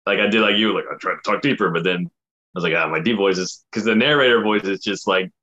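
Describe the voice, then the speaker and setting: A man's voice: lowish voice, fast talker, sharp tone, lo-fi sound. A man, an animator who voices his own cartoon characters, chatting casually and laughing often. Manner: laughs often, loose rambling delivery. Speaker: animator and voice actor. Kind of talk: casual chat.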